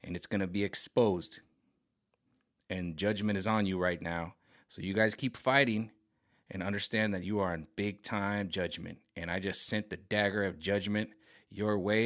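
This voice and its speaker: A man's voice: sits low, fairly even intonation, normal speed, a bit bright. A man giving a casual tarot card reading to his viewers, talking in a rambling, repetitive and emphatic way with many restarts. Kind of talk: casual spiritual vlog reading.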